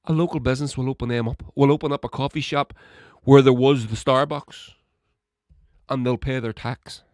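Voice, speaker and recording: A man's voice: mid-range voice, fairly even intonation, moderate pace, no echo, studio quality. A man hosting his own podcast, talking alone and swearing constantly as he rants. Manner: ranting, heated, building to shouts. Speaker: podcast host. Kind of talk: solo political podcast monologue.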